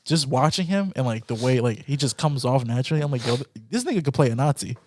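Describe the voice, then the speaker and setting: A man co-hosting a crude comedy podcast, throwing in quick reactions and a lot of swearing. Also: medium pitch, lively intonation, darkish tone, slight background noise. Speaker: podcast co-host.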